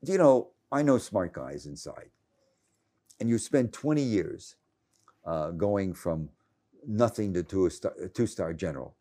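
Cranky seventy-something male journalist, deep and mellow, stammering and rambling as he talks. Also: lively intonation, unhurried. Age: 70s. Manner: rambling, many restarts and stammers. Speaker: journalist guest. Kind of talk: conversational interview.

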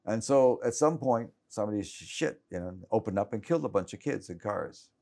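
Older man with a low, dark voice. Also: expressive, a little fast, gravelly. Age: 70s. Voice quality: cranky. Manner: rambling, many restarts and stammers. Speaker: journalist guest. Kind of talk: conversational interview.

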